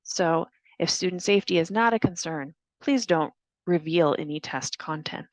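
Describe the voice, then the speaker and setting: A woman narrating a staff training on reading test items aloud, in a clear, deliberate instructional manner. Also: on the low side, no echo.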